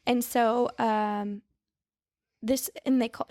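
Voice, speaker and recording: A woman recaps a true-crime case for her podcast co-host in loose, chatty storytelling, slipping on names and fixing them as she goes. Her voice sits a little high with a gravelly fry. The sound is dry and close, with no room echo. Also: normal speed, darkish tone. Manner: chatty, mixes up names and corrects herself.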